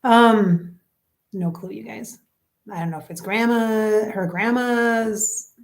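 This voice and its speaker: Chatty woman medium with soft whispered asides. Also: a little high, slow pace. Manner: chatty, addresses viewers directly, drifts into soft near-whispered asides. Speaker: psychic medium. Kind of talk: casual spoken reading on camera.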